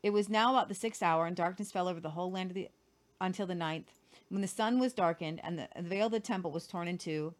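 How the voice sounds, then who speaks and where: A woman's voice: lowish voice, fast. A woman co-hosting a Christian show, reading scripture aloud with casual commentary. She reads earnestly and sometimes stumbles and repeats words.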